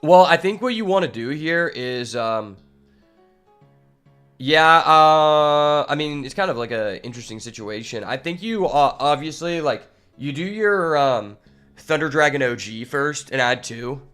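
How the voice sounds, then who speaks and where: A man telling a long rambling story while playing a card game, swearing freely and filling pauses with fillers. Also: fairly high pitch, lively intonation, a bit bright, smooth, soft background music. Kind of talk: casual storytelling while gaming.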